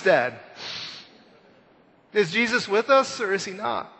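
A man in his thirties preaching a conversational Easter sermon, telling self-deprecating stories and swinging between loud and hushed. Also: high voice, sing-song, takes it slowly. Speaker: pastor. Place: church sanctuary. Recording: long church hall reverb.

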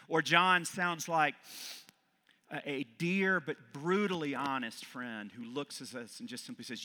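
A middle-aged man, an Episcopal priest, preaching a sermon with loud emphatic peaks that fall back to quiet reflection. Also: on the high side, measured pace. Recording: long reverb of a large hall.

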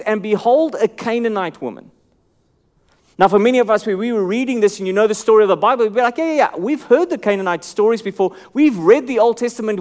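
A man preaching a sermon with a high voice. He explains scripture in a steady teaching tone, then climbs into loud, pleading cries and sinks to near-silent, hushed lines. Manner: expository preaching, shifting between calm teaching and loud pleading. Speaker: pastor.

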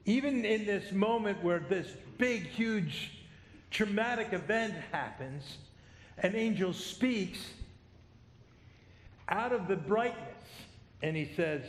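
Middle-aged male pastor, high voice, joking, conversational sermon, echoey hall. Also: measured pace, slight background noise. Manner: conversational, self-deprecating humor.

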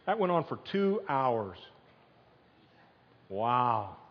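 A man preaches a sermon in a conversational, animated storytelling style. His voice sits a little high. The sound is muffled and rings with a long reverb, as if recorded in a large church hall. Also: moderate pace. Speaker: pastor.

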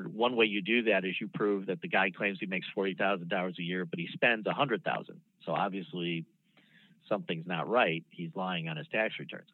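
A former federal prosecutor in his sixties, appearing as a guest, tells the story of a case in a casual interview, relaxed and measured with lots of ums and restarts. His voice is low. The phone-line recording is dry with no room sound.

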